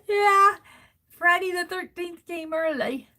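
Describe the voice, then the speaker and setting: Slow-talking bright-voiced woman chuckling often. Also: high voice. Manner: rambling, chuckles often between sentences. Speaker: art journaling livestream host. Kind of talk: casual storytelling while crafting.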